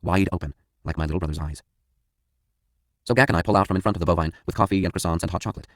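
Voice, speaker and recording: A man reading a first-person audiobook in a brisk, matter-of-fact way. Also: low voice, no room sound, studio quality. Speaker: audiobook narrator.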